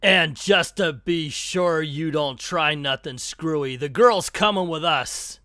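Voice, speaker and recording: A man voicing a gang of gruff male cartoon crooks with a rough tough-guy bluster. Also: fairly high pitch, slow pace, bright, forceful tone, no room sound, studio quality. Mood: menacing.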